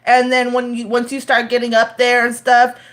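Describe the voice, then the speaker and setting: A woman in her thirties talking to her live-stream chat in a loose, rambling way. She swears freely and keeps restarting her sentences with fillers. Her voice sits slightly on the high side. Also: monotone, normal speed, a bit bright.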